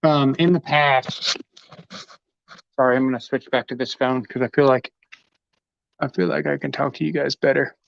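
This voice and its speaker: A man's voice: mid-range voice, steady tone, normal speed, creaky, pauses often, no room sound. Chatty man in a dull lo-fi livestream. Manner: casual, chatty, talks while handling gear. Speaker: host demonstrating tools. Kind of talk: live tool demonstration.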